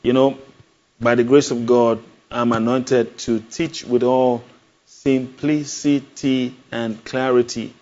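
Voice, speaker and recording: A man's voice: mid-range voice, darkish tone. A male preacher, delivering a sermon emphatically, asking the congregation questions and repeating key phrases. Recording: dull lo-fi sound.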